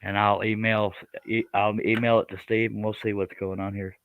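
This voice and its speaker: A man with a fairly low voice hosts a live stream, chatting casually and rambling along with jokes. The sound is dry and close, with no room around it. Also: little pitch movement, moderate pace, fairly bright tone, smooth, dry recording. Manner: rambling, joking, talks to chat and guests. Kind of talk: casual live-stream chat while working.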